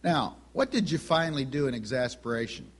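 A middle-aged man delivers a sermon in a medium-pitched voice. He tells homely stories with animated energy and slips into the voices of the people he describes. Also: fairly quick, slightly rough. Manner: animated storytelling, acts out quoted voices. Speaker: preacher.

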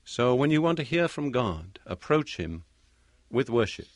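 Slow, measured male preacher, dry sound. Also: medium pitch, very animated, no room sound. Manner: measured, slow, deliberate delivery with repeated phrases. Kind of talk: recorded sermon talk.

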